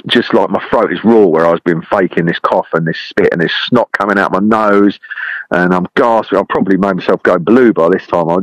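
A man telling a long anecdote, rambling and animated, with a lot of "I said". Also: lowish voice, no echo, muffled recording. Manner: lively, rambling with many "I said" repeats. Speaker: podcast guest. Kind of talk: anecdote storytelling.

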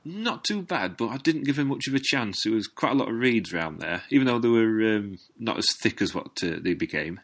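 A man's voice: fairly low pitch, expressive, a little fast, hardly any pauses. A Northern English man chatting casually about fishing, telling stories in a dry, understated way. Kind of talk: casual chat.

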